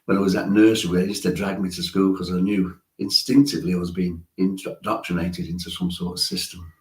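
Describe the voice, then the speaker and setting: Deep-voiced man in his sixties. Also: fairly even intonation, fairly quick, a little mellow. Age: 60s. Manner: chatty storyteller, chuckles often. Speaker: musician guest. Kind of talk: casual interview chat. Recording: roomy echo.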